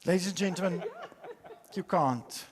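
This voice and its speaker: An older man from South Africa giving a dramatic conference talk, swinging from loud storytelling to hushed asides. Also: sits high, moderate pace. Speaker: conference speaker. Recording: hall reverb.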